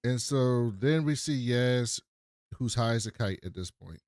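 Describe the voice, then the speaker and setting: This co-host's darkish, mid-range voice has lively intonation and a measured pace as he retells TV scenes on a podcast, swearing casually, laughing and performing the lines. The recording is clean studio quality without room sound.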